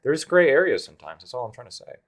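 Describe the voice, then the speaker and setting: A man's voice: medium pitch, big pitch swings, fast talker. A man acting as lawyer in a mock trial, chatting casually on a live stream and rambling as he questions himself, sometimes swearing. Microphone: video call.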